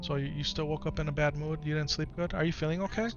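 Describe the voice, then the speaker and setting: A man streaming live who talks softly and coaxingly with his young son, then reads and answers his chat in casual talk. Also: on the high side, fairly even intonation, quick pace, muffled recording. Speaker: streamer and father. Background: game music.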